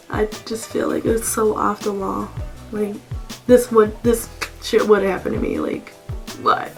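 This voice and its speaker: A young woman with a slightly high voice tells a story in a casual, irritated rant. She swears freely and keeps saying "like". Soft music plays faintly behind her. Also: poor audio. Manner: animated, swears a lot, heavy "like" fillers. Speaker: vlogger. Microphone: camera mic.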